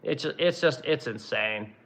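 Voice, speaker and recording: A man's voice: medium pitch, measured pace, a bit bright, rough recording. A man running a livestream as a furniture manufacturer, reading chat comments and ranting bluntly with plenty of profanity.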